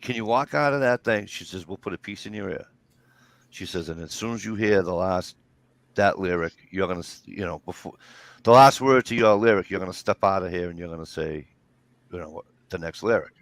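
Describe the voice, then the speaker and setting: A man's voice: low-pitched, a little fast, no room sound. A man, telling rambling, swear-filled stories in casual chat. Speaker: storyteller.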